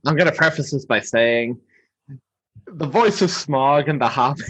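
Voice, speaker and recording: Husky man, lively and animated. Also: medium pitch, normal speed, lo-fi sound. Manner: enthusiastic, acting out scenes. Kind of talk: casual chat.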